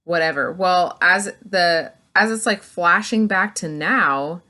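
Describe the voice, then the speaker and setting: A woman's voice: on the low side, takes it slowly, sharp tone. A woman reviewing a book, recapping the plot in a gushing, casual way, full of "like". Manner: gushing, filler-heavy, full of "like".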